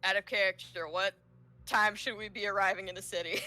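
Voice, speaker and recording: A woman's voice: mid-range voice, steady tone, brisk, sharp tone. A woman player in a tabletop game, chatting casually and giggling out of character.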